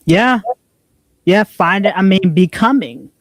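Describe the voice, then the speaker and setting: A woman's voice: mid-range voice, expressive, slow pace, no echo. Woman co-host, reflective motivational chat, dry close sound. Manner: earnest, reflective, frequent "right?" tags. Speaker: podcast co-host.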